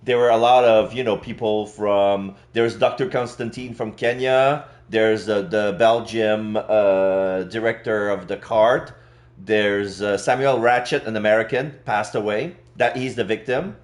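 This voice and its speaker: Slow, halting streamer. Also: male voice, on the low side, fairly even intonation. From Quebec. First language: French. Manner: slow, halting, many fillers and restarts. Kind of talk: live gameplay commentary.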